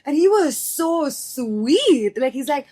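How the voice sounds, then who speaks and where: A woman's voice: sits high, sing-song, slow, mellow. A young woman, interviewing in a casual chat and telling stories animatedly, acting out her own reactions.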